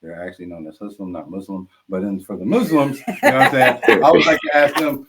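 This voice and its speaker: A man, a podcast guest, telling animated, profane jokes and stories and laughing as he talks. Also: lowish voice, fast, gravelly, noisy background. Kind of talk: casual storytelling with jokes.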